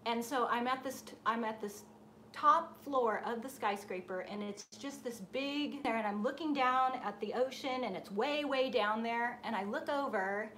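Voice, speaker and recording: A woman with a slightly high voice tells a story live to her creative group. She talks casually and acts out the voices in her anecdotes. A faint hiss runs under the stream. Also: normal speed, pushed and bright. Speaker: host of a painting and design group. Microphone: live stream setup.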